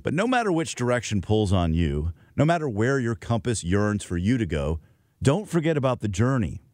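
A middle-aged man with a low voice that rises and falls a great deal as he reads a lyrical, reflective commentary. The studio sound is dry and close. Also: sing-song, darkish tone, dry recording. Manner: wistful, measured, lyrical. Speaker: host.

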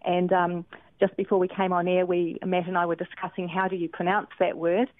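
A woman's voice: on the low side, level tone, a little fast, no echo. A woman, an author on a call-in radio show, talking thoughtfully about scripture with many ums and restarts. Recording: phone-like thin line.

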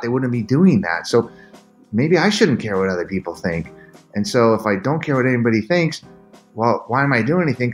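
A middle-aged man, a podcast guest and endurance athlete, telling his story in an earnest, animated way and acting out quoted lines. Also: medium pitch. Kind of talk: candid storytelling interview.

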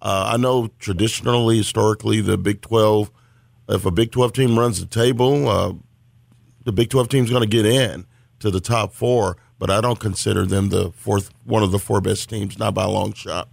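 A man's voice: on the low side, fairly even intonation, normal speed, gravelly, no echo. A man co-hosting a sports podcast, giving blunt, dismissive opinions in casual talk. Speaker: podcast co-host.

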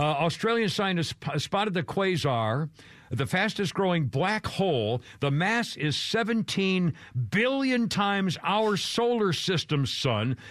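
Lively, rambling male radio host. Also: dry recording, clean studio sound. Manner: rambling, chuckling, wide swings of pitch. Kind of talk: casual talk radio banter.

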